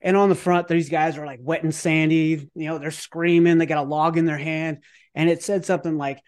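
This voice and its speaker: A man's voice: fairly high pitch, a little fast. A man talking casually as a podcast guest, telling a personal story with fillers and the odd curse word. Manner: animated, acts out his own thoughts in quotes; casual, with fillers and occasional cursing. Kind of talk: conversational storytelling.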